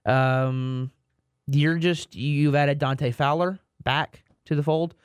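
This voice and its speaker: Male podcast co-host, slightly higher voice, rambling casual sports talk, dry close mic. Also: steady tone, takes it slowly, smooth, no echo. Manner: rambling, repeats words, self-mocking asides.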